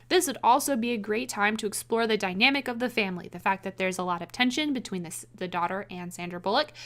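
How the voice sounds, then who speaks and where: Rambling sarcastic woman, slightly high. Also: a bit bright. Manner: rambling and sarcastic, with quick restarts. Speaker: video essayist. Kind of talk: casual rambling commentary.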